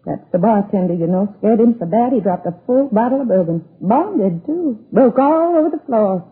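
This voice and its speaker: An actress playing an older tavern owner's wife in a 1950s radio police drama, rambling and hesitant. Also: female voice, fairly high pitch, lively intonation, normal speed, husky. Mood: flustered. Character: aging woman, rattled, chatty, fretting over husband. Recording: narrow lo-fi old radio broadcast.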